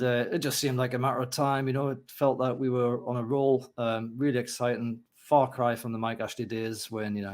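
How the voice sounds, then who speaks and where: Aussie male host, loose and profane banter, average-pitched voice. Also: a little mellow. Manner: chatty, joking, profane, many fillers. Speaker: podcast host. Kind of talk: casual podcast chat.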